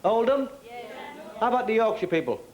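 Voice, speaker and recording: A man doing a stand-up routine on a club stage, firing off quick punchlines, chuckling through his lines and teasing the audience. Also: high-pitched, very animated, highs cut off. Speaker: stand-up comedian. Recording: noisy live club recording with loud crowd laughter.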